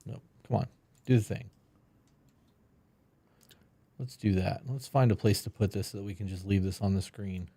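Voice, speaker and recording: A man's voice: fairly low pitch, normal speed, pauses often, mellow, no echo. A man co-hosting a podcast live stream, giving blunt, profane relationship and parenting advice in casual chat. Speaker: podcast co-host.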